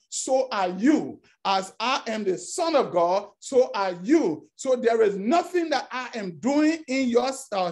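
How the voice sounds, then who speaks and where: A man preaching a sermon, speaking emphatically, repeating phrases and acting out the quoted dialogue. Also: high voice.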